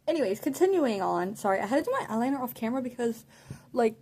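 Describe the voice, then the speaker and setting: A woman telling a story in a casual, animated way, saying "like" a lot and often laughing mid-sentence. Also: fairly high pitch, quick pace. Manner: chatty and animated, heavy use of "like". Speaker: vlogger.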